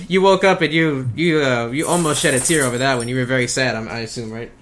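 A man's voice: mid-range voice, fairly even intonation, quick pace, fairly bright tone, slight background noise. Dry-joking podcast co-host man. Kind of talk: casual wrestling podcast chat.

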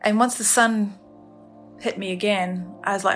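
A woman telling her own survival story in a halting, emotional way, with many restarts. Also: mid-range voice, steady tone, a bit bright, soft background music. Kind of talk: personal survival story, told casually.

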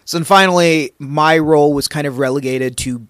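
A man's voice: a little high, moderate pace, a bit bright, dry recording, clean studio sound. A man telling stories in a casual interview, rambling with lots of fillers. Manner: rambling, filler-heavy storytelling. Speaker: guest comedy writer.

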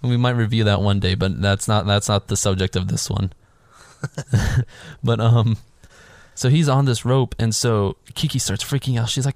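A man in casual podcast chat, retelling a film scene by scene and acting out the characters in higher voices. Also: normal speed, dry recording, studio quality. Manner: animated, acts out characters' lines in higher voices.

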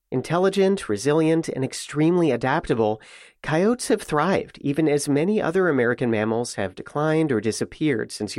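A male radio reporter narrates a scripted feature in a measured, steady voice. His voice sits mid-range, and the close mic gives a dry, dead studio sound. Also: mid-range voice, no echo. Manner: measured, even storytelling delivery.

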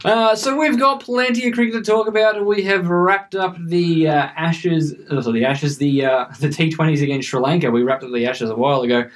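A man hosting a casual cricket podcast, chatting in a relaxed way with frequent fillers. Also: on the high side, brisk, hardly any pauses, far from the mic. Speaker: podcast host. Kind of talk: casual chat.

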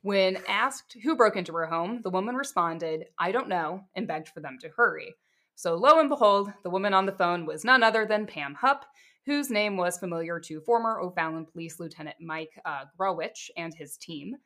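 Lower-voiced woman narrating true crime. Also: lively intonation, normal speed, bright, forceful tone. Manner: reads case details steadily, adds casual asides. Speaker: podcast co-host telling a true crime case. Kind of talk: casual true crime storytelling.

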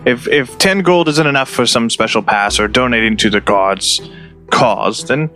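Guy playing d&d in character, bright clear voice, lots of uhs, quiet music behind. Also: mid-range voice, moderate pace. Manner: polite, hesitant, many fillers. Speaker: player. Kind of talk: tabletop role-play. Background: faint music.

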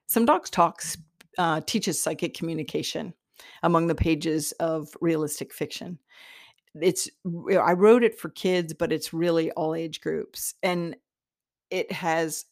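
A woman's voice: sits low, fairly even intonation, measured pace, a little mellow, dry recording, clean studio sound. A woman hosting a podcast in a chatty, rambling monologue, laughing often and talking straight to the listener. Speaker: podcast host, psychic teacher. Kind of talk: casual monologue.

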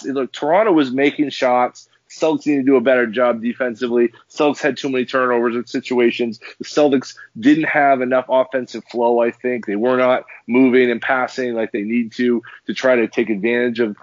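This is a heated sports podcast rant from a male co-host, angry and emphatic, full of restarts and repeated words. The recording of his medium-pitched voice is dry and muffled.

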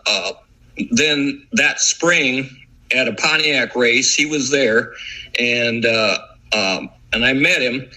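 Bright, husky-voiced man telling stories. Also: fairly high pitch, poor audio. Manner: rambling, with many restarts. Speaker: guest author. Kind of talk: casual storytelling.

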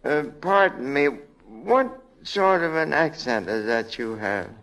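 An actor playing a folksy older senator who jokes in a slow drawl in a 1940s radio comedy. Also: male voice, fairly high pitch, very animated, fairly bright tone, full character voice. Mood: joking. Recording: dull old radio recording.

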